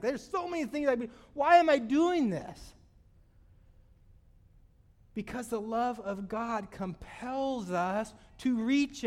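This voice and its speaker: Man preaching in a reverberant hall. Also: high voice. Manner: animated preaching with sudden loud swells and soft drops. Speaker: pastor. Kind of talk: sermon.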